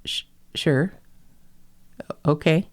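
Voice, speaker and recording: A woman's voice: low-pitched, takes it slowly. A woman hosting a casual podcast, telling stories in a profane, self-mocking way and acting out the people she quotes. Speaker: podcast host.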